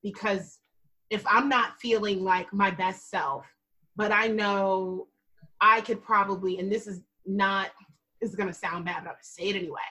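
A woman's voice: medium pitch, steady tone, moderate pace, pushed and bright, slightly rough, rough recording. A woman co-hosting a casual podcast chat, telling candid stories and laughing often. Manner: candid, laughs a lot, storytelling.

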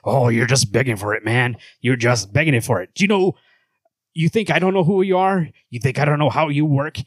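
A man voicing a gruff, taunting male superhero in a low, slow put-on voice while reading comic dialogue aloud. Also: dry recording, lightly acted. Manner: low slow growl, mocking read.

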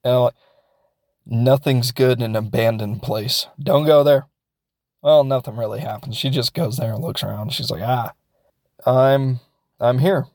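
A man's voice: medium pitch, normal speed, a little mellow, no echo, clean studio sound. A man casually recapping a film as a reviewer, rambling and joking and acting out the characters. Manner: rambling, jokey, acts out characters.

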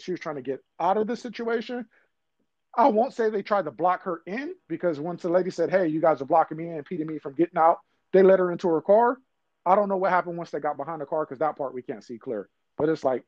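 A man's voice: high-pitched, quick pace, darkish tone, dry recording. A man in a casual debate, blunt and slangy, swearing freely. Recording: dry, dull lo-fi sound.

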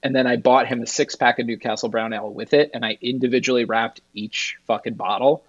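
A man's voice: mid-range voice, steady tone, fairly quick, slightly rough, no room sound, highs cut off. A man telling rambling stories in a casual podcast chat as a guest, laughing at his own tales.

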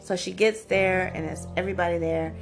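A woman in her forties hosting a podcast, telling a personal story in a chatty, animated way full of "like" and "you know". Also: on the low side, fairly quick. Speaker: podcast host. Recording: music playing underneath. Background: background music.

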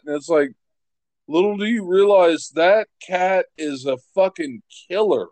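Podcast co-host, man from West Virginia, slow and blunt, swears, dry close sound. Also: on the high side, a little mellow, no echo. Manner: blunt, swears freely, halting restarts. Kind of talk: casual chat.

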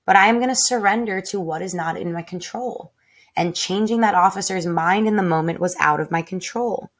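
A woman's voice: medium pitch, a little fast. A woman in her tiny home, talking straight to her listeners in a raw, heartfelt way, with frequent swearing and spoken reminders to herself. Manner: emotional, swearing, heartfelt, self-talk. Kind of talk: raw personal reflection.

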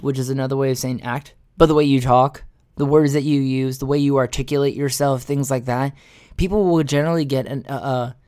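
A man's voice: mid-range voice, darkish tone, no echo, studio quality. A man hosting a casual monologue, rambling with slang and frequent swearing. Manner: rambling, profane, street slang.

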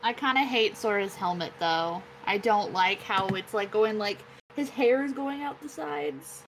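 A woman's voice: medium pitch, measured pace, fairly bright tone, slight background noise, rough recording. A woman co-host making casual, chatty remarks.

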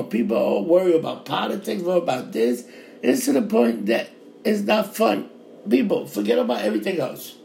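This is a middle-aged man with a thick New York accent and a gravelly, fairly high voice, hammering away in a profane, repetitive rant. His voice bounces around a roomy space, with faint background noise underneath. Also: very animated, fairly quick, darkish tone. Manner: fiery, profane, repetitive ranting. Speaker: bar worker. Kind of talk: ranting monologue.

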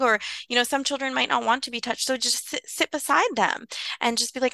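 A woman speaks with a bright, forward tone and a crisp, smooth voice. She talks earnestly as a podcast guest, leaning on "like" and "you know" as she explains. The sound is close and dry. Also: on the high side, a little fast, no room sound. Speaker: guest expert on early childhood trauma care. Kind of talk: conversational podcast interview.

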